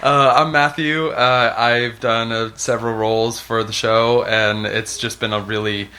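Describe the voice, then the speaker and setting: A man chats as a voice actor guest, loose and easygoing. He is enthusiastic, with a bright, forward tone. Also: medium pitch, level tone, a little slow. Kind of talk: casual interview chat.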